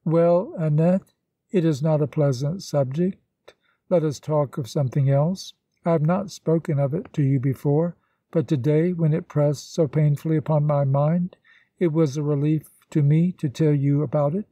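A man reading the lines of a grave, sorrowful gentleman in a storybook, in a measured and solemn way. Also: on the high side, fairly even intonation, no room sound.

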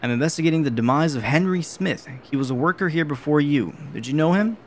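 Stern male private eye from a horror game, flat and plain, as a gamer reads him out. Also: fairly high pitch, fast, slight background noise, natural voice.

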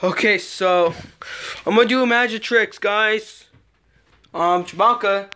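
A woman's voice: mid-range voice, slow, fairly bright tone. A woman narrating and acting out a toy play, talking in a bossy, exasperated chatter.

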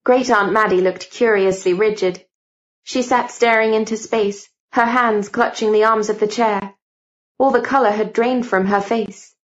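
A woman narrating an audiobook in a steady, even reading. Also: mid-range voice, a little slow. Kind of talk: scripted narration. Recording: dull lo-fi recording.

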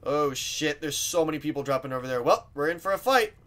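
A man's voice: fairly high pitch, lively intonation, quick pace, fairly bright tone. A young man streaming a shooter game, chatting casually, swearing often and rambling with lots of "like"s. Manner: swears a lot, rambling with many "like"s. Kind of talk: casual gaming chat.

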